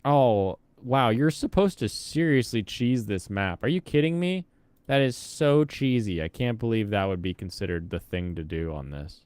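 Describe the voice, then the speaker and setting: A man's voice: on the low side, animated, normal speed, few pauses, a little mellow, clean tone, no room sound. A young man from the Pacific Northwest giving casual commentary while playing a game, thinking aloud and chatting with viewers. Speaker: streamer.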